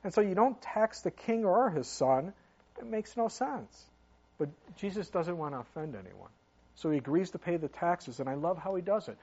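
A man's voice: high voice, big pitch swings, moderate pace, darkish tone, slightly rough, lo-fi sound. A man preaching a sermon as pastor, talking in an earnest, conversational way with many fillers.

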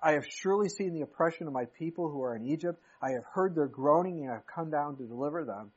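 A man speaking as God in a solemn, measured scripture delivery. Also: a little high, animated, breathy edge. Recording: muffled lo-fi recording.

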